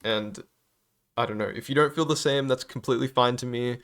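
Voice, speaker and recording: A man's voice: mid-range voice, fairly quick, fairly bright tone, clean tone. A young man giving an unscripted opinion vlog about a game, hesitant and apologetic, stammering often and using many fillers. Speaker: gaming YouTuber.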